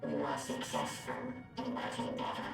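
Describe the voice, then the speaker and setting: An actor playing a calm, detached male android in a game cutscene, speaking in a formal, measured way with a processed robotic timbre. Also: close to an everyday voice. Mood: calm recounting. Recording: echoey, distant robot voice under loud music.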